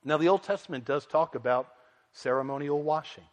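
Male pastor, earnest expository preaching, voice a touch high, long hall reverb. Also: brisk. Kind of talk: sermon.

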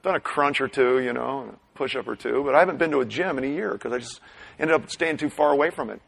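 Gravelly-voiced preacher swinging loud to hushed. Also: male voice, medium pitch, quick pace, poor audio. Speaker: pastor. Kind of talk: sermon.

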